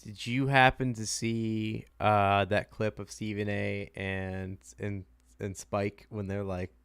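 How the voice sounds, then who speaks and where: A man's voice: on the low side, level tone, slow pace, creaky, fairly bright tone, clear, resonant tone, no echo, studio quality. A man hosting a sports podcast in a laid-back, casual way, laughing easily. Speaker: podcast host.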